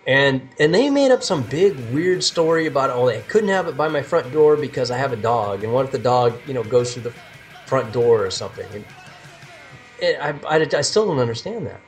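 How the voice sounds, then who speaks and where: A man co-hosting a podcast, telling stories in an animated, casual way. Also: mid-range voice, a little fast, faint music behind. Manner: animated storytelling, laughs easily. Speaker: podcast co-host. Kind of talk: casual chat.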